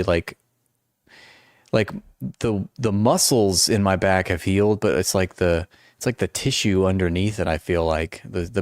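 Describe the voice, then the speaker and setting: On a casual livestream, a host in his forties rambles, jokes at his own expense and keeps restarting. His voice is low-pitched, and the recording from his noise-canceling headphones is dry and clean, like a studio.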